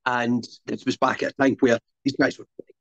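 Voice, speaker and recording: A man's voice: medium pitch, flat delivery, moderate pace, gravelly, a bit bright, a little hiss or hum. A Scottish man in his forties, a wrestler guest telling long anecdotes on a podcast. He talks loosely and restarts his sentences often. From Scotland. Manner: rambling anecdotal storyteller with many restarts. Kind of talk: casual podcast interview storytelling. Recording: dull dry lo-fi audio.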